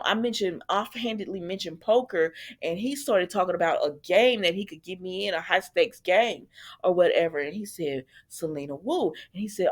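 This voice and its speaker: Woman, soap recap host, chatty, sassy asides, casual. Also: medium pitch.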